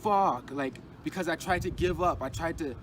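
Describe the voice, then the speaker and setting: Guy venting his story outside, bit higher voice, halting and repeating himself, loud traffic going by. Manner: halting and agitated, many restarts and repeated phrases. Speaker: storyteller recounting a personal ordeal. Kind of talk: casual personal account.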